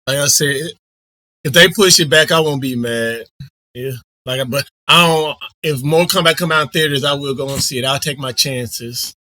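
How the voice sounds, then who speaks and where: A man co-hosting a podcast in casual chat, relaxed, moving the group on to the next topic. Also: mid-range voice, moderate pace, no room sound, poor audio. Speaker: podcast co-host.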